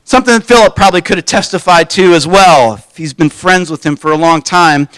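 A man giving a conversational sermon, relaxed and informal, asking his listeners rhetorical questions. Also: high-pitched, brisk, dry recording. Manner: informal, poses rhetorical questions, acts out quoted voices. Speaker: preacher.

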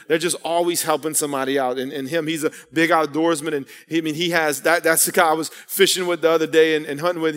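Man preaching in a reverberant hall. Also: a little high. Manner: earnest preaching with storytelling and call-outs. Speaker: pastor. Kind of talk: sermon. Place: church sanctuary. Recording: long reverb of a church hall.

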